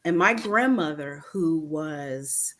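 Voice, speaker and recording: A deep, slow voice belongs to this woman in her fifties from North Carolina, an author and femininity coach appearing as a guest on a casual interview. She's an animated storyteller who acts out what others said.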